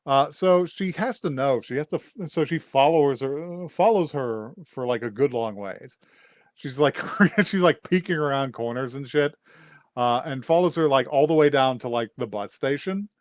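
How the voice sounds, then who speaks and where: A man talks through a story in a relaxed podcast chat, rambling and swearing as he goes. His voice sits at an ordinary middle pitch. The sound is dry and close, with no room echo. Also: normal speed. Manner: rambling, swears freely, laughs often. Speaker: podcast co-host. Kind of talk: casual recap chat.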